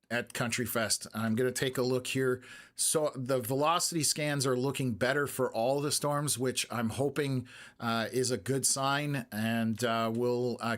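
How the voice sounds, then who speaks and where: A man hosting a live storm-tracking stream, talking in a halting way with many fillers while urging viewers to take shelter; his voice is going a little hoarse. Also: mid-range voice, a bit bright. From Canada. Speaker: weather stream host.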